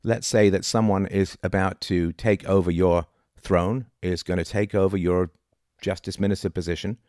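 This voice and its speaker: Deep-voiced man arguing philosophy. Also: steady tone, moderate pace, a little mellow, no room sound, studio quality. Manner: argumentative, rhetorical, many "right?" asides. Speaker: philosophy lecturer. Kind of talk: informal philosophy talk.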